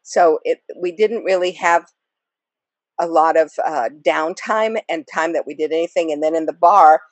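A woman's voice: low voice, moderate pace, no echo. A woman actress guest talking casually in an interview, rambling with many fillers and small laughs.

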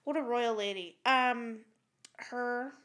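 A woman's voice: fairly high pitch, takes it slowly. A woman co-hosting a podcast in casual, rambling chat, laughing often. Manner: giggly, rambling and animated. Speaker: podcast co-host.

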